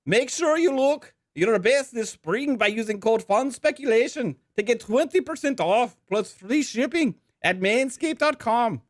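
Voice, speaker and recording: A man's voice: extremely high pitch, lively intonation, measured pace, hardly any pauses, no room sound, studio quality, pitched above the performer's own voice. A man hamming a mock Irish accent. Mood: hammy. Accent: put-on Irish. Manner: hammy, self-mocking. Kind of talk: sponsor read for a podcast.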